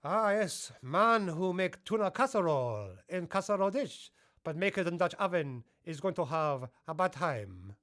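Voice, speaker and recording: A mock sage delivers solemn fake proverbs, as a man puts him on. His voice sits high and bright. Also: expressive, moderate pace.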